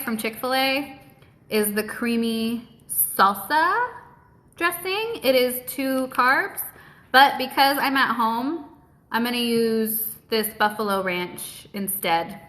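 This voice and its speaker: Bright-voiced, foul-mouthed woman chatting live. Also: a little high. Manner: blunt, cheerful and heavily profane; talks with her mouth full while eating. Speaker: host of a live keto Q&A stream. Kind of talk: casual live-stream chat while eating. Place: at home.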